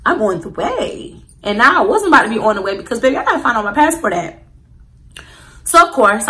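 A woman's voice: a little high, bright, forceful tone, poor audio. A young woman telling a storytime to her viewers in a casual, slangy way, talking straight to the audience. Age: young adult. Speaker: vlogger.

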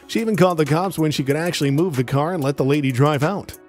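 A man with a somewhat high voice reads scripted commentary in a breezy, mocking way. Faint music plays underneath. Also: fast. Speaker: commentary narrator. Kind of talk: scripted narration.

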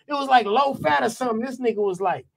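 Man, high-pitched voice, guest rapper, profane animated storytelling, casual. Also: fast talker, gravelly. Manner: profane, animated, repeats "you know what I'm saying".

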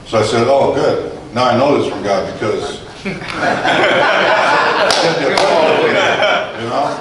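A man's voice: mid-range voice, fairly quick, crowd noise. A man in his forties or older giving a personal testimony to a church audience, telling his story conversationally and acting out the dialogue. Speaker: guest speaker giving testimony. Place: large echoey hall. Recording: echoey hall, voice from far off.

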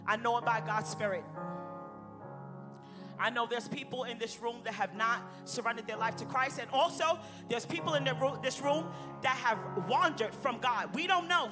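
A woman's voice: fairly high pitch, moderate pace. A woman pastor preaching a sermon and leading an altar call in a church, with an impassioned, repetitive preaching cadence. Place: church sanctuary with music behind. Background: worship music.

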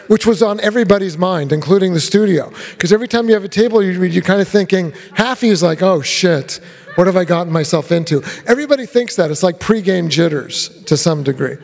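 A man's voice: high voice, fast talker, vocal fry, few pauses. A man, a film director, telling rambling anecdotes in a festival Q&A and acting out the voices of people he quotes. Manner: animated storyteller who acts out quoted voices. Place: live Q&A on a theater stage. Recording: long hall reverb.

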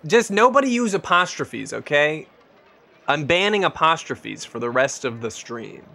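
A man's voice: on the high side, big pitch swings, a little slow, vocal fry, bright, forceful tone. A young man from Scotland, streaming a casino game and bantering jokily with his chat. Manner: joking banter with chat, reacting to wins and losses. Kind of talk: casual live-stream gaming chat.

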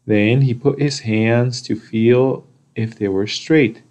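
A man reading a children's picture book aloud, slow and deliberate with pauses. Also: medium pitch, steady tone, a little mellow. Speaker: storybook reader. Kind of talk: children's story read-aloud.

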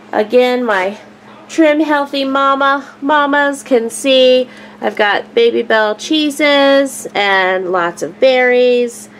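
A woman's voice: a little high, slight background noise. A woman casually narrating a family vlog, chatty and upbeat with frequent fillers. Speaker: vlogger, mother of a large family.

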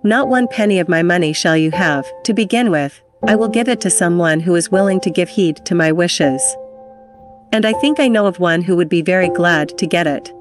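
A woman reading aloud gives voice to a domineering rich father, cold and hard, who threatens his son. The voice sits fairly low, and music plays clearly underneath. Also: moderate pace, close to an everyday voice. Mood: stern. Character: stern wealthy father, older man, domineering.

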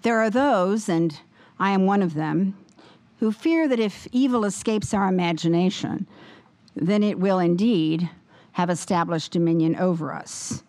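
A woman giving a formal lecture with a slightly wobbly voice, speaking in a measured, deliberate way and taking questions afterwards. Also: on the low side, a little mellow. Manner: measured, deliberate, with many fillers when answering. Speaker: guest lecturer. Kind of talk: formal lecture, then audience Q&A.

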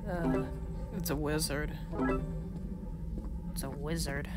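Casting: woman gamer, slow drawl with a lively swoop, chatty and rambling, loud game music behind. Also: lowish voice. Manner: chatty, rambling, easily excited. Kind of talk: let's play commentary.

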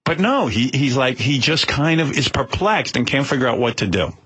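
A man with a slightly husky voice tells a story on talk radio. He is excitable and stumbles over his restarts. His pitch bounces around a lot. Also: moderate pace.

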